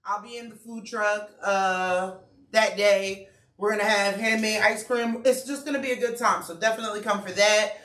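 A woman chef chatting casually with friends and customers, laughing and using relaxed slang. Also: medium pitch, normal speed. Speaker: chef and restaurant owner. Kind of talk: casual promo chat. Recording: echoey room, mic far off.

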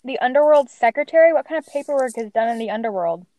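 A woman's voice: a little high, animated, fast talker, warm tone, slight background noise, poor audio. A young woman co-hosting a casual podcast, asking a guest friendly questions. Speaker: co-host.

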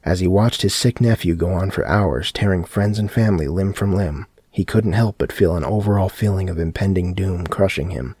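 A man narrating a dark horror story in a steady audiobook reading. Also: sits low, normal speed, hardly any pauses, husky, dry recording.

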